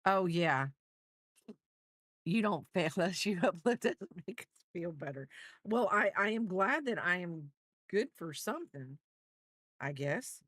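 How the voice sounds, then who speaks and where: A woman's voice: on the low side, animated, a little slow, long pauses, fairly bright tone, no echo, studio quality. A woman crochet streamer in a rambling, chatty livestream, talking to her viewers. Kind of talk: casual livestream chat.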